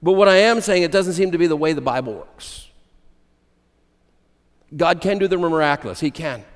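A male pastor delivering a sermon in a church sanctuary, his fairly high voice carrying with a long, ringing reverb. He speaks emphatically, repeating key phrases and weaving in illustrative stories. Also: moderate pace.

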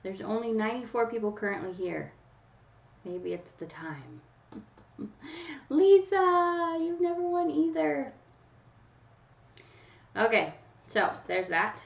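A woman's voice: on the low side, vocal fry. A woman hosting a casual live stream, chatting directly to her viewers by name as she runs a giveaway. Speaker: livestream host running a nail polish giveaway. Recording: roomy, distant, dull home mic.

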